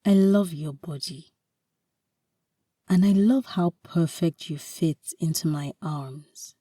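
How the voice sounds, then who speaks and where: A woman voicing a devoted young husband who speaks earnestly in a hushed, half-whispered way. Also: fairly low pitch, takes it slowly, slightly rough, no room sound, studio quality, recorded from a distance. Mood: adoring. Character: devoted loving young husband, soft-spoken.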